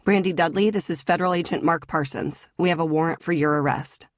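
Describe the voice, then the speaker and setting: Female narrator voicing a male federal agent, formal and official, low tone. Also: brisk, no room sound, studio quality.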